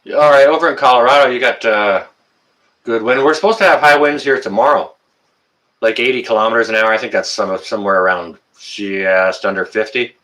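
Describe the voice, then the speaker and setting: A middle-aged Canadian hosts a relaxed live stream, chatting and rambling through viewer comments with frequent "uh" fillers. His Canadian-accented voice is mid-range, brisk, bright and forceful, heard on a low-quality recording.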